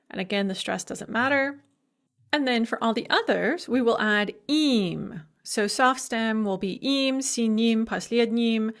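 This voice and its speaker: A middle-aged woman with a slightly high voice delivers a recorded university language lecture into a close microphone. She works methodically through lists of word forms, naming each one in turn and pausing briefly between them.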